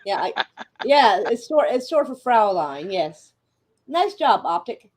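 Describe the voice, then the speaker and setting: A woman's voice: on the high side, very animated, a little slow, darkish tone, slight background noise. A woman streamer chatting casually about an old comedy film, laughing often and swearing freely. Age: adult. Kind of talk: casual chat.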